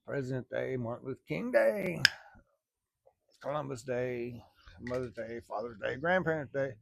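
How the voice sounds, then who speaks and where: A man's voice: mid-range voice, expressive, moderate pace, vocal fry, background noise. A middle-aged man, casually telling a rambling, folksy story to his viewers from work. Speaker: vlogger. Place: workplace, early morning.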